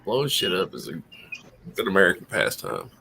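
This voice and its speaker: A man's voice: low-pitched, wildly swooping pitch, brisk, creaky, bright, forceful tone, a little hiss or hum. A man chatting casually on a late-night stream, telling anecdotes with plenty of swearing. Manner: profane, anecdotal.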